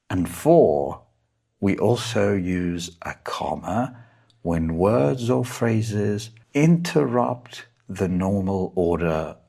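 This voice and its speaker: Slow, low-voiced man teaching punctuation. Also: gravelly, a little mellow, breathy edge. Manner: careful, deliberate, spells out each punctuation mark. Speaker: English teacher. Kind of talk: slow explanatory lesson.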